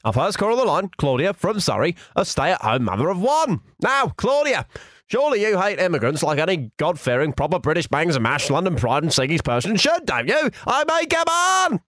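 A man's voice: high voice, huge pitch swings, fairly quick, a bit bright, dry recording, studio quality, full character voice. A man doing a comedy impression of a pompous, blustering right-wing talk radio host.

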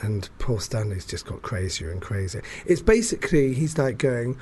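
A man's voice: medium pitch, very animated, moderate pace, darkish tone, breathy edge. A man telling a story in casual chat, rambling, restarting his sentences often and laughing between them.

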